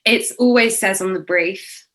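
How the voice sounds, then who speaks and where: A woman with a British accent, an actress chatting casually as an interview guest over a video call, animated and quick to laugh. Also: mid-range voice.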